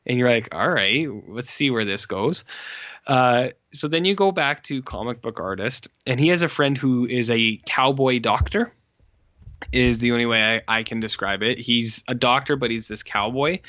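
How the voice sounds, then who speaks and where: A man's voice: mid-range voice, moderate pace, bright, forceful tone, no room sound. Rambling man retelling a movie. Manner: rambling, heavy "like" fillers, acts out characters' lines. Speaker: podcast co-host. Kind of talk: casual movie recap. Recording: dry, dull lo-fi podcast mic.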